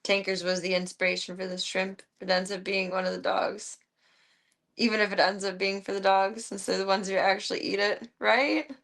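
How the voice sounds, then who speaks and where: A woman's voice: mid-range voice, little pitch movement, moderate pace, vocal fry, fairly bright tone. A woman live streamer at home, chatting casually and talking to her pets in an amused, baffled way. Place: at home with her cats and dogs.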